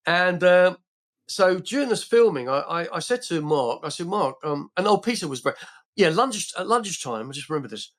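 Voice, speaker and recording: A man's voice: on the high side, expressive, moderate pace, fairly bright tone. An older man from England, a podcast guest telling rambling anecdotes in a casual way, full of restarts and fillers.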